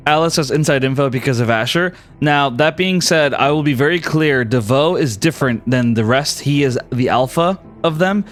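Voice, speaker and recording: A man running a tabletop role-playing game, narrating scenes and calling for dice rolls at a measured pace. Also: medium pitch. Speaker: game master.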